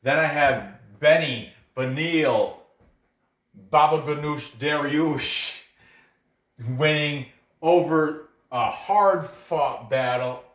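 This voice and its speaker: A man's voice: on the high side, very slow, fairly bright tone. A man hosting a casual show on fight betting picks, rambling, trailing off and restarting his sentences. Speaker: MMA betting picks host. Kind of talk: casual chat. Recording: roomy echo.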